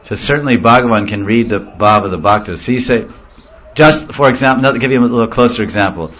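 A man's voice: medium pitch, fast, a bit bright. Brief: man giving a casual devotional talk, muffled lo-fi recording, playful storyteller who mimics voices. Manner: storytelling, laughing, acting out voices. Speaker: spiritual teacher. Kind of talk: informal religious talk.

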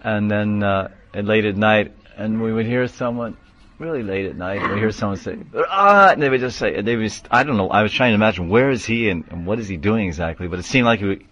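Guy giving a scripture class, kinda low voice, explains words and chants lines. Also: quick pace, lo-fi sound. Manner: explains terms, chants verses, shouts out names. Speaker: spiritual teacher.

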